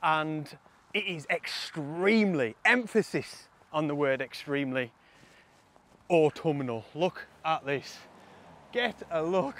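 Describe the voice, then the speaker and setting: A man's voice: fairly high pitch, animated, slow, fairly bright tone. Chatty man vlogging outdoors. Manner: chatty and enthusiastic, laughs often. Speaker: landscape photography vlogger. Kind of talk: casual vlog to camera. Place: outdoors by a lake in autumn.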